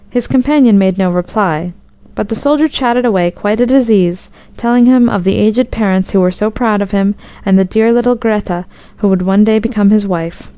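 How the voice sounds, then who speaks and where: A woman narrates a storybook tale in a steady, even-paced way. Her voice is warm and mellow with a smooth, clear tone. The recording is close and dry. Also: medium pitch, moderate pace, no room sound.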